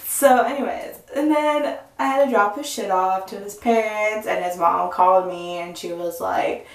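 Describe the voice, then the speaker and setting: A young woman vlogger telling a story in a casual, animated and profane way. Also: medium pitch, normal speed, recorded from a distance. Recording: echoey room, voice off-mic.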